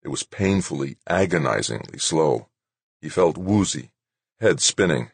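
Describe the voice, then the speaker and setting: A man reading an audiobook as narrator in a steady, measured way. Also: very deep voice, gravelly, husky, no echo. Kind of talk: scripted narration.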